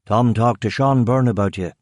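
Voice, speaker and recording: A man's voice: medium pitch, normal speed, darkish tone, no room sound, clean studio sound, lightly acted. A man reading an audiobook, voicing a blunt, brash airline tycoon of about sixty with a Ballymena accent. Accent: Northern Irish, Ballymena. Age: around 60.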